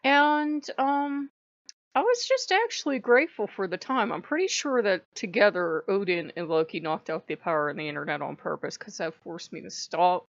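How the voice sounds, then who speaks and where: A woman of middle pitch tells a personal story in a casual vlog and laughs often as she goes. The sound is muffled and lo-fi. It is close and dry, with no room echo. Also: lively intonation, normal speed. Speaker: channel host.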